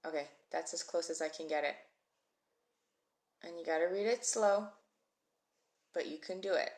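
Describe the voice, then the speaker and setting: A woman's voice: fairly low pitch, moderate pace, a little mellow. A woman teaching a live-streamed Hebrew reading class, chatty and encouraging as she calls out viewers by name. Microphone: phone mic.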